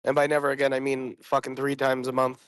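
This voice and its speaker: A sick man talks bluntly on a group voice call, clearing his throat often and swearing freely. His voice sits at an ordinary pitch and the sound is dry, with no room around it. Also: completely flat delivery, quick pace, no echo. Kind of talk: casual chat.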